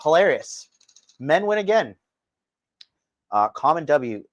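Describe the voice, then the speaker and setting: A man hosting a live stream, ranting crudely and mockingly, his voice swinging from loud outbursts to low mutters. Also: very animated, slow pace, dry recording. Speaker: livestream host. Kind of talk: crude provocative livestream rant.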